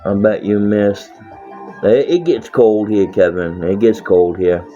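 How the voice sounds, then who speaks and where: A very low-voiced man rambling casually and bluntly, swearing constantly and breaking into laughs. The sound is dull and lo-fi, like a cheap mic. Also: unhurried, warm tone, soft background music. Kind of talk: casual profane monologue.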